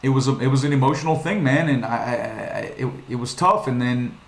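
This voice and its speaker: A young man from Virginia talks straight to his viewers, swearing freely and starting his sentences over again and again. His voice sits at an ordinary middle pitch, and it carries a roomy echo from the space he films in. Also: fairly quick. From Virginia, USA. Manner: rambling, profane, frequent restarts. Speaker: vlogger. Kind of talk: casual storytelling monologue. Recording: echoey room.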